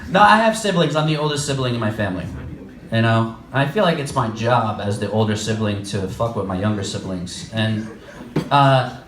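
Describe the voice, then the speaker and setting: A man's voice: fairly low pitch, lively intonation, normal speed, echoey room, recorded from a distance, noisy background. A man in his twenties with a New York accent, performing a stand-up comedy set in a small club and animatedly acting out quoted lines.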